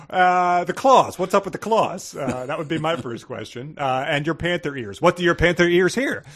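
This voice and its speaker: A man with a slightly husky, fairly high voice co-hosting a comedy podcast. He reads passages from a bad novel in exaggerated voices and breaks off to mock them with dry sarcasm. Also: lively intonation, normal speed, fairly bright tone. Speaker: podcast co-host. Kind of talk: comedic book-reading chat.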